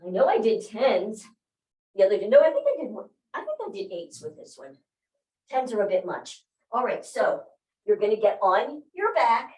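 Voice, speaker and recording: A woman's voice: mid-range voice, big pitch swings, normal speed, darkish tone. A woman leading a workout class, cueing moves, counting reps and encouraging her group. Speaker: fitness instructor. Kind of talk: live workout class instruction. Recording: roomy, mic far off.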